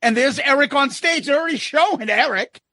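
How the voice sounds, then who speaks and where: A man's voice: very high voice, brisk, pushed and bright, no echo, clean studio sound. A man co-hosting a podcast, casually retelling and joking, swearing freely. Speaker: podcast co-host. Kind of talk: casual chat.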